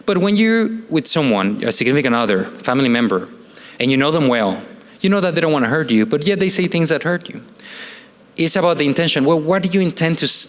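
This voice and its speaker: Man lecturing in a reverberant hall. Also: fairly high pitch. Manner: conversational, asks the audience rhetorical questions, often ends with "right?". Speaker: church family seminar speaker. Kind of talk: presentation talk with slides.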